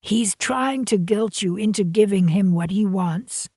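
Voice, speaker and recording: A woman's voice: mid-range voice, a little slow, mellow, no echo, studio quality, natural voice. A woman voicing a loyal older female friend in a storybook narration, soothing and indignant on her friend's behalf. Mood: sympathetic.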